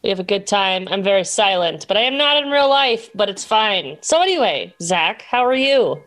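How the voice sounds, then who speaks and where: An easygoing, soft-spoken woman player introducing herself at a tabletop game. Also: mid-range voice, sing-song, moderate pace. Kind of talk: casual chat at a tabletop game.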